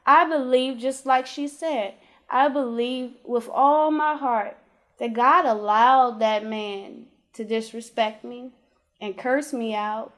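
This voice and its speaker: A woman with a notably high voice recounts her faith testimony in a relaxed interview. She talks colloquially and emphatically, acting out the voices in her conversations. Her delivery climbs into lively exclamations. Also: takes it slowly. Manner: animated storyteller who acts out dialogue with God and her kids.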